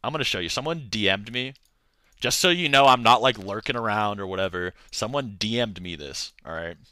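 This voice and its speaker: A young man talks in a loose, rambling way on a live stream, piling on filler words and slang. His voice is bright and forward. The sound is dry and close, with almost no room around it. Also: lowish voice, animated, fairly quick, clean tone, dry recording. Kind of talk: casual livestream rant.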